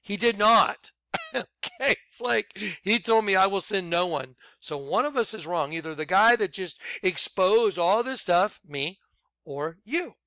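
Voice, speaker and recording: Bright, crisp-voiced man preaching. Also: high voice, measured pace, no room sound, studio quality. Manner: animated, laughing, swinging between loud and quiet. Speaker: ministry leader. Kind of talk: informal preaching monologue.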